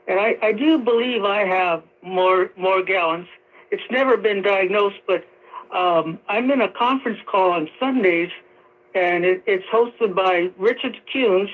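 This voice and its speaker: A male caller on a radio show who rambles and halts, with many fillers. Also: sits high. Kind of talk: radio call-in. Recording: tinny phone line on radio.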